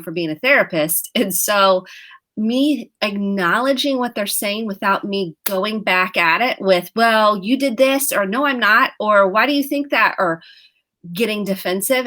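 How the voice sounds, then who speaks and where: A woman's voice: mid-range voice, fairly bright tone. A middle-aged woman therapist on a video call, coaching earnestly and acting out family exchanges. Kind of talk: casual video chat on mental health.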